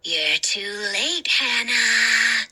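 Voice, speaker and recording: A woman voicing a cruel, sneering shadow ghost of a boy in a slow, low whispered role-play. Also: lively intonation, sharp tone, husky, exaggerated voice, low-quality recording.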